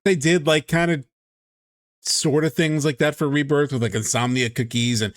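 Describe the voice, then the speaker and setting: A man hosting a stream, chatting excitedly and casually, swearing freely. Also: on the high side, normal speed, no room sound, studio quality. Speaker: streamer host. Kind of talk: casual chat.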